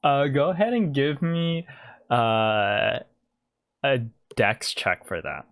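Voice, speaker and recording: A man narrating as game master for a tabletop game, relaxed and hesitant with fillers. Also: mid-range voice, slow pace, no echo, studio quality.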